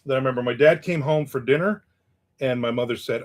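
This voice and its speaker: A man's voice: mid-range voice, fast. Male host, 50s, casual livestream chat; rambling, wisecracking, chuckles often.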